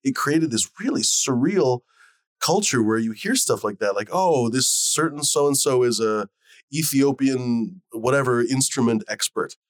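A man talks in relaxed, rambling chat and swears now and then. His voice sits in the middle of the range, and the sound is close and dry. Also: mid-range voice, a little slow, dry recording. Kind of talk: casual chat.

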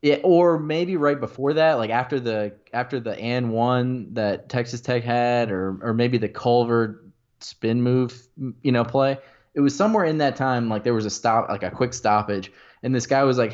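A man's voice: mid-range voice, normal speed, a little mellow, highs cut off. A young man co-hosting a sports podcast, telling a story casually and rambling with lots of filler words. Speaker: podcast co-host and sports reporter.

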